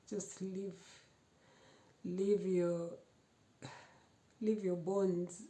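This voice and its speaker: A woman with a low, gravelly voice tells her own testimony. Her tone is dark and mellow, and she repeats phrases and often sinks to a hushed whisper. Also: steady tone, very slow, pauses often. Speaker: storyteller sharing a personal testimony. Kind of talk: emotional personal testimony.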